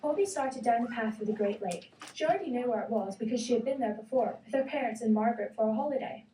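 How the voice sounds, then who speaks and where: A woman's voice: on the high side, fast talker, warm tone. Woman reading a children's story in a roomy space. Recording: roomy, distant, faint hiss.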